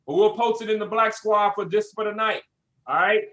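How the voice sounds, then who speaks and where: Casting note: male host of an online group call, hyped and slangy, very high, bright voice. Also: fairly even intonation, fairly quick. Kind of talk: casual hosting on a group call.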